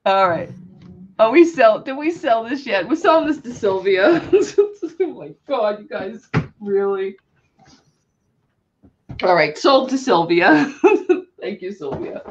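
A woman's voice: mid-range voice, very animated, slow, long pauses, highs cut off, slight background noise. A woman hosting a live auction stream, laughing through her words. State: laughing to tears. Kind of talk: live selling stream chat.

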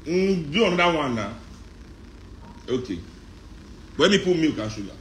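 A middle-aged Nigerian man with a Nigerian accent, talking in a joking, animated monologue that mixes in Pidgin and Yoruba. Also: on the high side, moderate pace, long pauses, a little hiss or hum. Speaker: musician talking on a live stream. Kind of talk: casual monologue.

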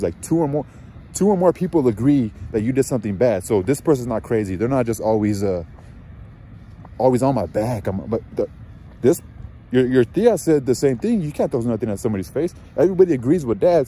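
A man's voice: medium pitch, warm tone, a little hiss or hum. A young man telling a casual story as a father, rambling with many fillers and sounding frustrated. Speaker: father vlogger.

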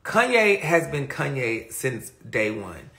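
A man's voice: mid-range voice, very animated, takes it slowly, bright, forceful tone. A man chatting casually on a phone livestream, answering viewer comments in a rambling, profane and emphatic way.

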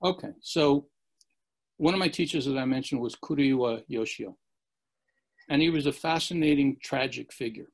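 A man's voice: mid-range voice, moderate pace, creaky. A man as an interview guest, telling long rambling anecdotes and acting out the quotes. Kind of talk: storytelling in a podcast interview.

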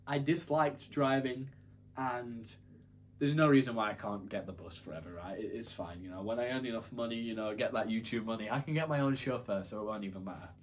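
A man's voice: medium pitch, a little fast, a little hiss or hum. A young man telling a story to camera in a casual, rambling, self-deprecating way. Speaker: YouTuber.

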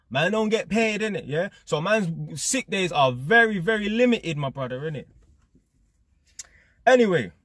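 A young man with a London accent delivers a blunt, slang-heavy motivational rant to his viewers. His voice is husky and a touch rough, and it sounds close and dry, with no room around it. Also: on the high side, fairly bright tone, no echo. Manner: London slang, blunt and emphatic, repeats "blood" and "fam". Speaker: vlogger. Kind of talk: casual motivational monologue to camera.

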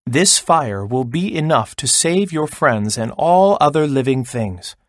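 A man voicing a wise male sun in a children's storybook read-aloud, speaking calmly and in a measured way. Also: mid-range voice, no room sound, clean studio sound, close to an everyday voice.

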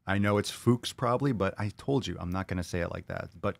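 A man hosting a podcast in a casual monologue, excitable and profane, often repeating phrases. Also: low-pitched, quick pace, creaky. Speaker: podcast host.

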